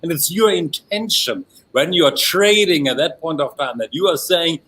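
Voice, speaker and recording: A man with a German accent giving a lively workshop talk as a mind coach, often repeating the same filler phrase. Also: on the high side, normal speed, low-quality recording. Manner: animated, repeats filler phrase "along that line". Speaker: NLP trainer and coach. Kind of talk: workshop presentation.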